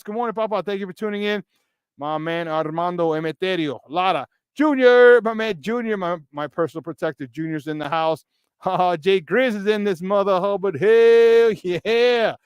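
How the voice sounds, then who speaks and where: A man with a Chicago accent hosts a morning sports talk show, hyped and playful, shouting out to his viewers. His voice is a little high, and the recording is dry.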